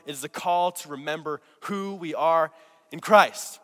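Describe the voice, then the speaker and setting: Animated pastor leading call-and-response. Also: male voice, a little high, unhurried. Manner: call-and-response, prompting the congregation to repeat words. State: recovering from a cold. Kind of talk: sermon. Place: church sanctuary. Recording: long hall reverb.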